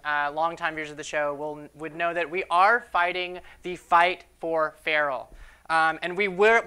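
Rambling late-night show host, bright voice. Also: mid-range voice, clear, resonant tone. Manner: rambling, repeats itself, leads a chant. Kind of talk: hosting a live comedy talk show. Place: studio before a live audience.

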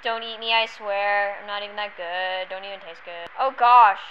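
A woman giving casual gameplay commentary, excitable and giggly, full of exclamations. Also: mid-range voice, moderate pace, faint music behind. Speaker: gamer. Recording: muffled lo-fi screen recording.

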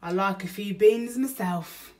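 A woman voicing a rough-talking male burglar who is kindly underneath, drawn out and exclaiming slowly. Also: mid-range voice, darkish tone, recorded from a distance, pitched above the performer's own voice, close to an everyday voice. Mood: fussing tenderly.

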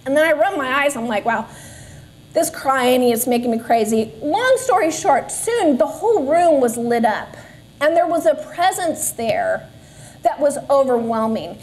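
A woman's voice: high-pitched, expressive, unhurried, a little mellow. A woman in her forties telling a personal faith testimony to a church group, earnest with self-deprecating asides. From Southern California. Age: 40s. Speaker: Sunday school speaker. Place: church classroom.

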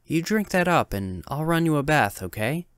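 A worried, loving mother speaks softly and tenderly, with little hesitations, as a man voices her. Her voice is lifted well above his usual low pitch. The sound is dry and close. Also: very animated, moderate pace, clean tone, no echo. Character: anxious loving mother of a returned boy.

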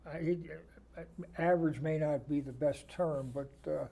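Mellow-voiced man hosting an interview. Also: on the high side, fairly even intonation, normal speed, vocal fry. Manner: asks long, winding questions. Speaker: TV show host. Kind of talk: casual interview. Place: community TV studio.

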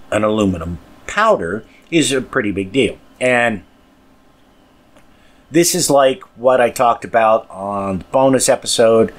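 A man hosting a podcast, talking in a casual, rambling way with crude language and mumbled asides. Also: on the low side. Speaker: podcast host.

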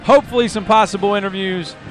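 A man's voice: high voice, fairly even intonation, faint music behind. A man co-hosting a fan sports podcast, rattling off the segment lineup and cracking playful jokes. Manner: joking, playful, quick with wisecracks. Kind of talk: pregame sports broadcast banter.

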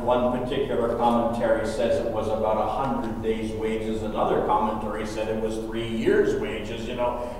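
Emphatic preacher in an echoey hall. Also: male voice, medium pitch, darkish tone, a little hiss or hum. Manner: emphatic, repeats key phrases. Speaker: pastor. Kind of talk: sermon. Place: church sanctuary. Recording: echoey church hall from far off.

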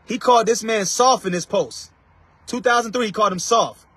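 A man's voice: sits high, a little fast, fairly bright tone, husky, no echo. A man preaching to his online viewers from inside a car, emphatic and calling out to them by name. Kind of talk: casual live-stream preaching.

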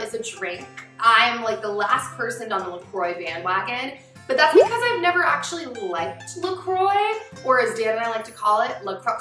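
A woman's voice: medium pitch, sharp tone, roomy sound, recorded from a distance. A young adult woman casually reviewing snacks in a chatty, upbeat vlog, with many "like" fillers. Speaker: vlogger.

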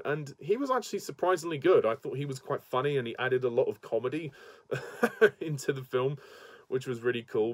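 A man's voice: medium pitch, no room sound. A man giving a casual, enthusiastic spoken movie review, chatty and laughing often. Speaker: film reviewer.

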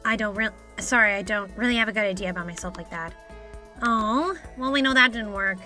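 A woman playing a game and reading its dialogue aloud with animated asides. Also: mid-range voice, faint music behind. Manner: animated, reads lines in voices, quick asides. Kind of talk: let's play commentary.

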